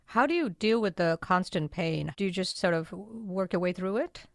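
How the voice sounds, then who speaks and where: A woman's voice: fairly low pitch, lively intonation, moderate pace, creaky, no room sound, studio quality. A woman hosting an interview, asking curious follow-up questions. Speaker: podcast host.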